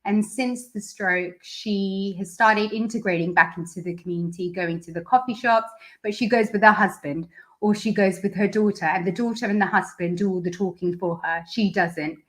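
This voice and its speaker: Earnest woman therapist explaining clearly. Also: medium pitch, normal speed. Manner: earnest, explains step by step with examples. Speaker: speech and language therapist. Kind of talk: interview answers.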